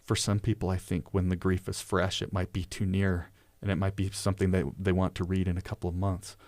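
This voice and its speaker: Male professor, low-pitched, musing aloud in a dry, close recording. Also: completely flat delivery, a little fast, darkish tone, dry recording. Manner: thoughtful, with self-corrections. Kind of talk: reflective discussion.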